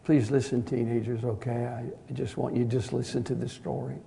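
A man preaching a sermon, earnest and direct, swinging between loud and quiet as he tells a story. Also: medium pitch, level tone, a little fast, creaky.

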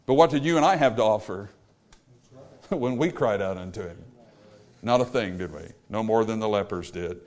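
A male preacher delivering a sermon, rising to loud exclamations and dropping to quiet, low lines. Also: normal speed, pauses often.

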